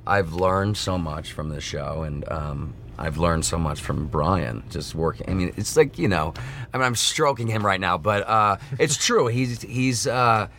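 A man's voice: deep voice, a little slow, sharp tone, slight background noise. A man in his thirties, a guest actor in a casual interview, telling stories animatedly with laughs and many restarts. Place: back room of a bowling alley.

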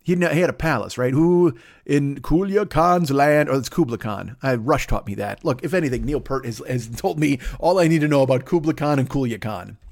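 A man's voice: mid-range voice, moderate pace, creaky, a little mellow. A man riffing crudely and rambling on a comedy podcast, going into silly voices now and then.

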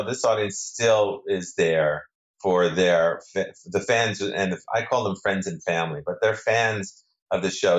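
Deep-voiced middle-aged man, guest actor in a casual interview, animated and rambling. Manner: rambling, self-correcting, animated.

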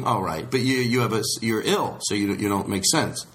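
A podcast host chats casually, rambling and restarting his sentences and slipping into voices when he quotes people. His voice is medium-pitched and a bit bright, and he talks quickly with hardly any pauses, over slight background noise.

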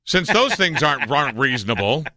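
A man co-hosting a radio show, reading odd news stories in a wry, deadpan way amid casual banter. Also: fairly high pitch, a little fast, dry recording, studio quality.

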